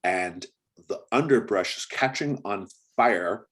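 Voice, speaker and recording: A man narrating a tabletop role-playing game as game master, relaxed and chatty, laughing often and using lots of fillers. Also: fairly low pitch, slow pace, husky.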